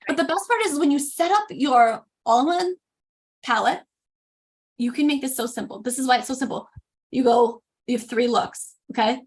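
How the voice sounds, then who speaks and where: A woman hosting a casual live makeup tutorial, chatty and animated, often interrupting herself. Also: sits high, moderate pace. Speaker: makeup demo host.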